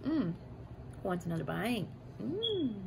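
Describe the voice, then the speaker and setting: A woman's voice: mid-range voice, slow, vocal fry. A woman in her thirties chatting casually while she cooks and eats at home, playful and chatty, tossing in cutesy rhyming made-up words. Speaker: cooking vlogger. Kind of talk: casual cooking chat and eating. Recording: steady background noise in a home kitchen.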